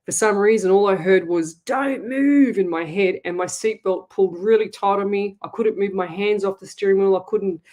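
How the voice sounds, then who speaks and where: An Australian woman hosts a live psychic call-in show. She talks in a chatty, animated way and slips easily into personal stories. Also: mid-range voice, a little fast, few pauses. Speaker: psychic medium host.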